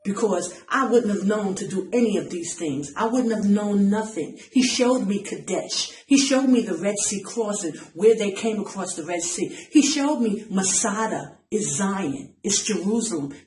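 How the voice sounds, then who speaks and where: A woman's voice: mid-range voice, animated, normal speed, few pauses, a little mellow, echoey room, rough recording. A woman preaching an impassioned online message, urgent and pleading, repeating her phrases for emphasis. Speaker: self-styled preacher.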